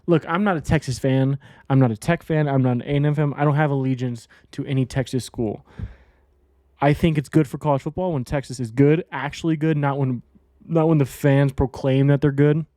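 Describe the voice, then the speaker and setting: A man's voice: mid-range voice, steady tone, brisk, mellow, dry recording, studio quality. A man hosting a casual solo sports betting podcast, blunt and rambling, repeating himself and swearing now and then.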